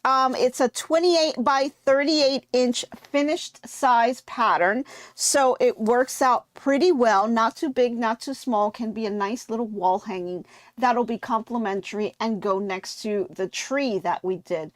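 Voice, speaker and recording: A woman's voice: a little high, unhurried, dry recording. A woman hosting a live quilting tutorial, chatting casually and answering viewer comments as she goes. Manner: relaxed with frequent fillers. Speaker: quilting show host. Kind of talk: live-stream sewing tutorial.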